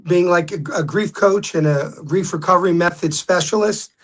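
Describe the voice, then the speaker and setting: A man, a guest telling stories in a casual interview, animated when quoting others. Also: sits high, normal speed.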